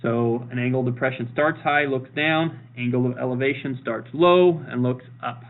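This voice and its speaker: A male math teacher talks through a recorded lesson with an upbeat, joking manner, going over each point more than once. His voice has a gravelly, fry-edged texture. The sound is thin and boxy, like a phone line. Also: medium pitch, moderate pace. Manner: upbeat and jokey, repeats key points.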